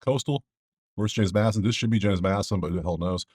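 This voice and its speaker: Casual betting host, man, low voice, dry close mic, chatty and digressive. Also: fast talker, darkish tone, breathy edge, no echo. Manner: rambling, joking asides to viewers.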